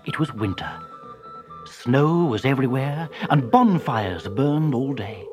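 Children's story reader, unhurried, very lively pitch, music bed underneath. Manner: slow, expressive, animated. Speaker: narrator.

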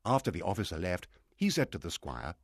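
A man narrating a storybook with a low, husky voice that rises and falls widely as he reads. the sound is dry and close, with no room around it. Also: big pitch swings, fairly quick, dry recording. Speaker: audiobook narrator. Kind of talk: storybook reading.

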